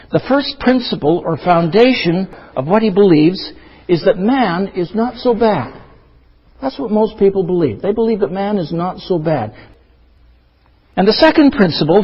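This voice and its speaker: A man's voice: sits high, breathy edge. A man preaching a sermon, earnest and emphatic, asking rhetorical questions and repeating key phrases. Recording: dull lo-fi recording with long hall reverb.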